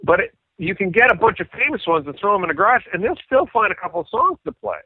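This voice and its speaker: A middle-aged man, a rock bassist, telling stories casually and slipping into other people's voices as he goes. The sound is thin and phone-like, and the room is dry. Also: fast talker, husky, no echo. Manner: animated anecdotes, acts out quoted dialogue. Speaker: interview guest, rock bassist. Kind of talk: casual storytelling.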